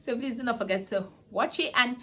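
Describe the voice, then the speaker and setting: A woman's voice: fairly high pitch, a little fast, sharp tone. A woman vlogger casually recapping a drama series, animatedly acting out the characters' lines. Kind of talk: casual chatty plot recap.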